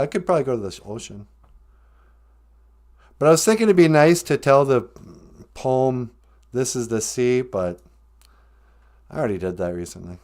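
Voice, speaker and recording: A man's voice: medium pitch, darkish tone. Rambling joking male podcast host. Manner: rambling, joking, drops in Ojibwe greetings. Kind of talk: casual live-stream chat.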